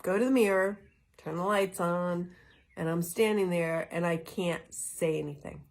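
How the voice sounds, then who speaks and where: A middle-aged woman talks in an earnest, reflective way as host of a wellness vlog, with an occasional soft laugh. Her voice sits a little low for a woman. She speaks from a greenhouse. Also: measured pace. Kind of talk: casual spoken talk.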